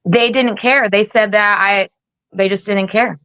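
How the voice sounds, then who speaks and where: A bright, forceful woman's voice, close and dry on the mic. She is a military veteran in her forties giving a candid interview, blunt and animated, with casual swearing. She acts out what other people said as she goes. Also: medium pitch, measured pace, dry recording, poor audio. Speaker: guest, Air Force veteran.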